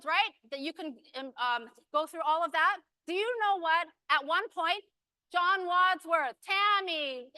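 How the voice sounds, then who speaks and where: A woman giving an energetic, emphatic motivational speech on stage, hurrying through her points and rallying the audience. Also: extremely high pitch, no echo. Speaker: motivational speaker at a business event.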